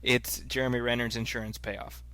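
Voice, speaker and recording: A man from Saudi Arabia co-hosting a movie podcast, joking and telling animated stories in casual chat. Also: medium pitch, moderate pace, a little hiss or hum. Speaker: podcast co-host.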